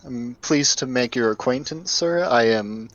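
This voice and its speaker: A man's voice: mid-range voice, measured pace, dull audio, lightly acted. A man voicing a polite, formal male vampire tax collector in a tabletop game. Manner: courteous, formal.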